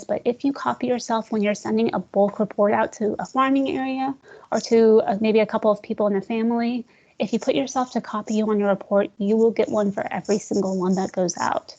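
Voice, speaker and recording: A woman leading a screen-share software tutorial for real estate agents, talking casually, calling her listeners "guys" and joking about slow screens. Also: on the high side, fairly even intonation, highs cut off. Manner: chatty, addresses audience as guys, jokes about glitches.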